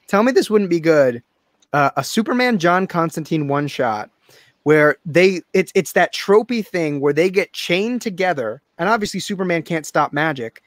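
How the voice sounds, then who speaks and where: A man co-hosting a casual comics podcast, animated and laughing as he pitches story ideas. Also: moderate pace, no echo, clean studio sound. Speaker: podcast co-host. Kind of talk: casual chat.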